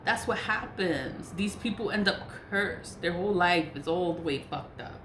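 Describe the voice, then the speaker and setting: A woman's voice: fairly low pitch, normal speed, a bit bright. A woman spiritual practitioner in a casual vlog rant, blunt and profane, laughing between points. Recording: echoey room with faint noise.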